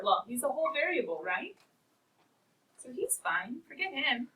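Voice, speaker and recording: A math teacher's fairly high, bright voice swings widely in pitch, with a forceful tone, a moderate pace and long pauses. She lectures her precalculus class playfully and encouragingly, speaking of equations as people. The sound comes from a distant mic with faint noise.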